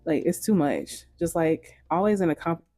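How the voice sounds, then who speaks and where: A woman's voice: deep voice, moderate pace, mellow, no echo, faint music behind. A woman giving frank, scripted commentary in a video, blunt and swearing casually.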